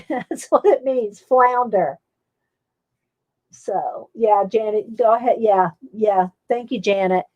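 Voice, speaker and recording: Chatty high-voiced woman, dry close sound. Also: dry recording, poor audio. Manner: chatty, rambling, reads viewer comments aloud; frequent fillers and little laughs. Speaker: vlogger showing an art supply haul. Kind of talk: casual live-stream chat.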